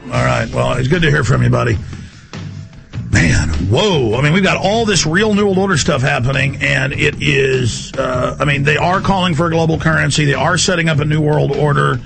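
A man's voice: fairly high pitch, moderate pace, gravelly, over music. A male radio talk show host arguing with a caller, combative and exasperated, firing off questions. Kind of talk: heated call-in radio talk.

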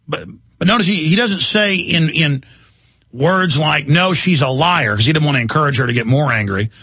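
A man's voice: on the high side, fairly quick, pushed and bright, breathy edge, no room sound. A man hosting a talk radio show, rambling and indignant in an emphatic monologue from a studio.

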